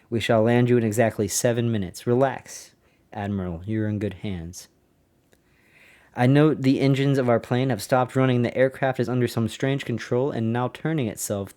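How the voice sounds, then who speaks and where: A podcast host with a medium-pitched voice, speaking at a normal speed, reads an old diary aloud in a plain middle voice on his casual show. He keeps stopping to ask listeners whether they're following, his animated asides sounding incredulous.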